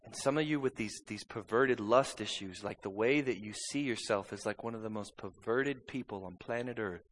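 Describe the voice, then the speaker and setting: In a church sanctuary, a man preaches an impassioned, conversational sermon, often checking in with "amen?". His voice is lowish and moderately paced, and the rough recording has a long reverb tail.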